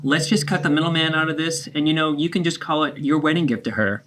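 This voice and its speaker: A man's voice: on the high side, quick pace, noisy background, voice pushed up, close to an everyday voice. A man playing a dramatic, guilt-tripping mother. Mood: bossy. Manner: dramatic, guilt-tripping, talks over her child. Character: self-absorbed, defensive middle-aged mother. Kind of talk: therapeutic role-play.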